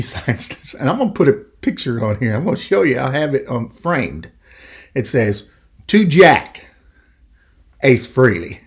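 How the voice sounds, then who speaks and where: A middle-aged man hosting a podcast, telling a story in a rambling, animated way and acting out the quoted voices. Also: medium pitch, vocal fry. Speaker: podcast host. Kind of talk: casual storytelling.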